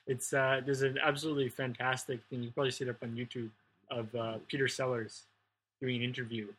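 A man's voice: mid-range voice, level tone, brisk, fairly bright tone, slightly rough, low-quality recording. A man co-hosting a casual podcast chat, telling rambling stories full of fillers. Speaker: podcast co-host.

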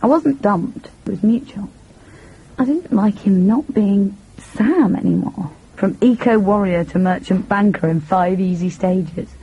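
A young woman with a husky voice, speaking in a sardonic, dry and sharp-tongued way. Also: mid-range voice, measured pace, dull audio. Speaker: daughter character. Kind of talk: drama acting.

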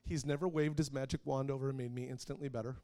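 A man in his thirties preaching, telling family stories with lots of laughter and getting loud when he acts out scenes. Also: medium pitch, quick pace. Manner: animated storyteller who laughs often and gets loud when acting out scenes. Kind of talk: sermon with personal stories.

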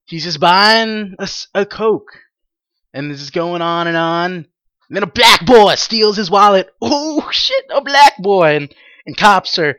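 A young adult host giving a casual solo podcast monologue, excitable and rambling, laughing often and swearing freely. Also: medium pitch, unhurried, no echo. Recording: dull lo-fi dry recording.

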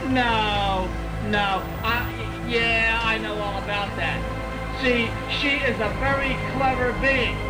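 A man's voice: high-pitched, low-quality recording. A man in a furious, accusing rant, hurling insults. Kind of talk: ranting monologue. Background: music.

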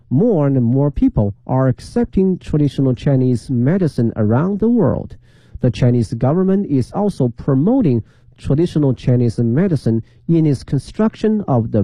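Male radio presenter, dark mellow tone with an animated pitch, reads a scripted feature. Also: no room sound, rough recording.

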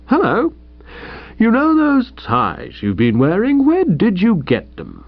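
A man's voice: sits high, wildly swooping pitch, slow pace, pitched above the performer's own voice, heavily acted. A man voicing a stout, pompous older uncle, a clubman smitten with a young girl, in a musing way. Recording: dull dry recording.

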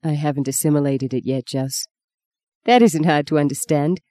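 An audiobook reader voicing a gentle, kind young priest who talks in a soft, reassuring way. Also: mid-range voice, normal speed, no echo, natural voice. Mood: reflective. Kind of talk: audiobook reading.

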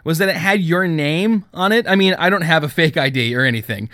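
A man's voice: on the high side, brisk, dry recording, clean studio sound, voice pushed up. A man doing a hyper, teasing teenage boy in an audiobook. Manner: excitable, teasing, loud.

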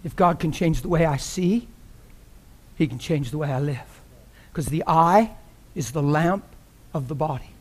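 A man preaching as a visiting preacher in a church, passionate and joking, often laughing mid-sermon, sometimes quiet and sometimes loud. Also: a little high, unhurried, long pauses.

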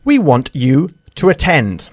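A man's voice: a little high, wildly swooping pitch, a little slow, dry recording, studio quality. A man teaching English grammar, correcting and drilling pronunciation in a lesson.

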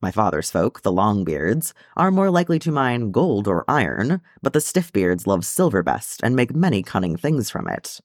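A man's voice: on the low side, big pitch swings, moderate pace, few pauses, no echo, studio quality. A man voicing a proud dwarf telling of his clan's old ways, reading an audiobook. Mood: proud, fond.

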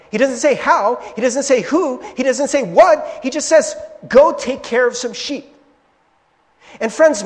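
A man preaching a sermon as pastor, conversational and animated, with frequent "right?" asides and restarts, in a church sanctuary. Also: high voice. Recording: long hall reverb from a church sanctuary.

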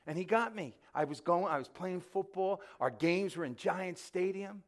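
This is a middle-aged preacher with a fairly high voice. He preaches with fervor, jumps between loud bursts and near-hushed lines, and stumbles over repeated words when he gets going. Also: animated, moderate pace. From New York. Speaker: pastor. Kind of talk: sermon.

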